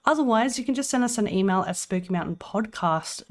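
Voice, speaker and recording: A woman with an Australian accent co-hosting a podcast, bantering in quick, lively bursts. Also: medium pitch. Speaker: podcast co-host. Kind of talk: casual chat.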